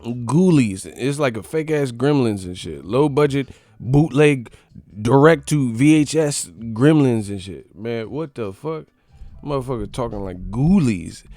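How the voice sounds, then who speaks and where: A man's voice: mid-range voice, lively intonation, a little slow, warm tone, dry recording, soft background music. A man hosting a casual boxing chat, ranting and joking with lots of profanity. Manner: profane, joking, riffing rants. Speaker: boxing commentary host.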